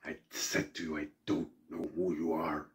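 A man doing a furious, gravel-deep movie avenger. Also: level tone, moderate pace. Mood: menacing rage. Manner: hurls repeated insults, growling threats, rambling. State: shaking with anger. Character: furious grizzled action-movie father threatening a caller. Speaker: comedian. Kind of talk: comic celebrity impression.

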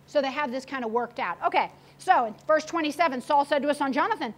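A woman pastor preaching a sermon, retelling a story with animated, acted-out quotes. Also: high voice, fast talker, few pauses.

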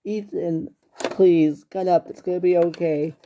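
A woman voicing a calm, reassuring middle-aged mother who talks gently and quietly in a toy-figure home drama. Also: fairly low pitch, unhurried, slight background noise. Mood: soothing.

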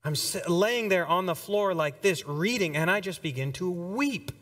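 A young man preaching a sermon, telling his conversion story with shifts between hushed and excited delivery. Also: high voice, moderate pace, in a large hall. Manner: emotional storytelling, swings between soft and excited. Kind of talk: testimony sermon. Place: church hall.

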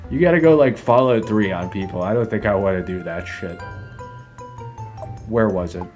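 Over game music, a gaming video host with a fairly low voice talks at normal speed through casual gameplay commentary. It's rambling and full of swearing, "like" fillers, and frequent laughter.

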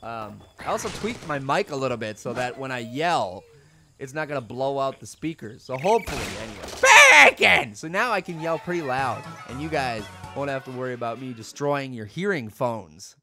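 Goofy gamer guy with a lively, yelling voice. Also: mid-range voice, a little fast, loud music behind the voice. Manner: goofy, rambling, bursts into loud yells. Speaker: gaming channel host. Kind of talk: let's play commentary. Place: home room.

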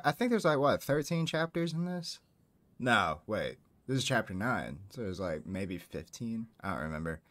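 Playful, lively man commenting on a game. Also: medium pitch. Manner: chatty, playful, lively asides. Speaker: video game recap host. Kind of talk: casual commentary over gameplay.

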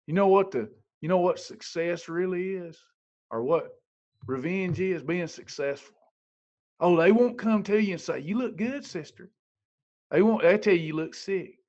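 A man's voice: high voice, normal speed, darkish tone, highs cut off. A man giving a motivational livestream talk, preachy and emphatic, hammering home points by repeating his phrases. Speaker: motivational speaker.

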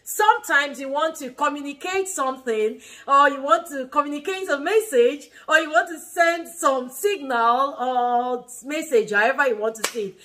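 A woman's voice: high voice, moderate pace, hardly any pauses, pushed and bright. A Nigerian woman in her thirties hosting a family vlog, chatting casually and animatedly, often laughing and restarting her phrases. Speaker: family vlog host and mother. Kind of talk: casual teaching chat.

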